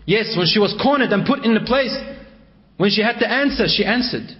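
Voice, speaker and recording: A man preaching a sermon in storytelling style, swinging between raised and hushed delivery. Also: high-pitched, brisk. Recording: dull lo-fi recording.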